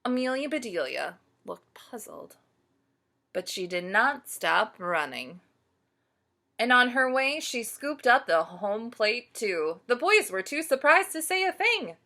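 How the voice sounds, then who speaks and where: A woman storyteller reading a picture book aloud to children, pausing to ask them questions. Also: a little high. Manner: slow, animated, asks listeners questions.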